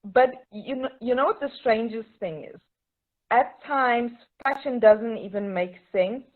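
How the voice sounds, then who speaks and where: A woman's voice: fairly high pitch, a little slow, narrow, tinny audio. A young woman, a fashion designer guest, chatting in an amused, easygoing way. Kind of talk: casual chat.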